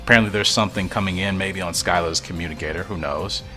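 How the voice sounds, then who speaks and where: A man's voice: deep voice, quick pace, sharp tone, faint music behind. A man reading a fan comic aloud and thinking aloud in a musing, often puzzled way. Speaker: comic reader and reactor.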